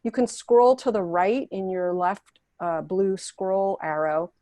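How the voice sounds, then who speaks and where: A woman hosting a talk show gathering over a video call, gently guiding participants and reading their chat messages aloud. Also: mid-range voice, slow, no echo.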